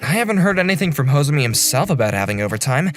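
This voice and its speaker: शांत, समझदार सेक्शन चीफ़. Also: male voice, on the high side, fast talker, faint music behind. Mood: calm. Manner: calm, apologetic, reassuring. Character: calm, considerate male section chief. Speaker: narrator and section chief. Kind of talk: first-person story narration in a dubbed animation.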